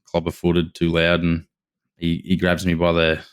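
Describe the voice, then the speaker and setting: Deep, flat-voiced Australian man telling a story. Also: moderate pace, smooth. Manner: eager, rambling, with many restarts. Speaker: podcast guest. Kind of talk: casual storytelling.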